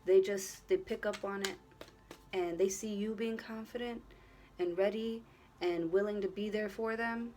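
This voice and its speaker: Speaking at a measured pace, this female tarot reader has a mid-range, darkish voice with fairly even intonation. Her casual reading to the camera is earnest and encouraging, aimed squarely at the viewer, but she rambles, repeats herself, swears freely and relies on "you know" and other filler.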